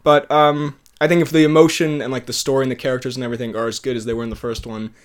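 Rapid-fire and level in tone, a man of medium pitch co-hosts a podcast and talks keenly about movies in casual conversation. He's chatty, laughs often, and keeps trailing off and restarting.

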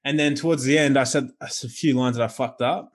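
Brief: man, podcast co-host, rapid-fire animated storyteller who swears freely. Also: medium pitch. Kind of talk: casual chat.

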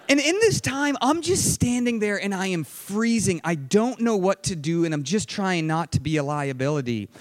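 A young man telling a dramatic personal story, vivid and excited, acting out shouted quotes. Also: high-pitched, no room sound. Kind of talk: personal story told to an audience.

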